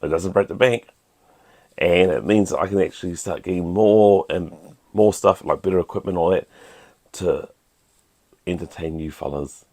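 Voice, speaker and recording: A man's voice: deep voice, moderate pace, warm tone. A middle-aged man with a New Zealand accent, hosting a casual toy-collecting vlog in a chatty, self-deprecating way. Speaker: toy collector channel host.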